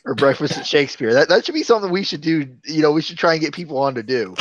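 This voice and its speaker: Giggly host guy, highish voice jumping all over, dead dry mic. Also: expressive, fast, lo-fi sound, a little hiss or hum. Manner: giggly, jokey, talks over others. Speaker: stream host. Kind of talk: casual chat on a live stream.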